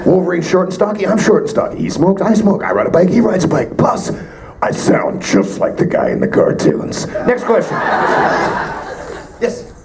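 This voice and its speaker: A Canadian man fields fan questions on a convention stage, full of wisecracks and quick asides. His voice swings widely up and down as he jokes. Audience chatter and crowd noise fill the live room behind him. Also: high voice, vocal fry. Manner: joking, animated, quick asides. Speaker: voice actor answering fan questions. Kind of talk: convention panel Q&A.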